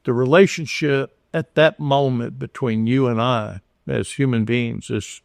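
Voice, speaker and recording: Older man, gravelly voice, earnest storytelling, lots of restarts, dry close sound. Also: medium pitch, fairly even intonation, a little slow, darkish tone, dry recording. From Houston, Texas. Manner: earnest, full of restarts, acts out dialogue. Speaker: podcast guest. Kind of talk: conversational storytelling.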